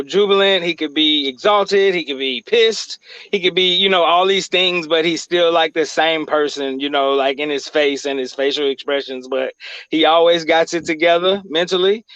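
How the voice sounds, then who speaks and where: Guy co-host rambling on, kinda high voice, dry muffled sound. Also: a bit bright, clear, resonant tone, no echo. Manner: rambling, many restarts and fillers. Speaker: podcast co-host. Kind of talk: casual chat.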